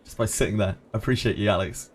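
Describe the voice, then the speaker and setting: Fast-talking and fairly low-voiced, this game streamer keeps up casual live-stream chat, answering viewers by name and laughing often. Soft background music plays.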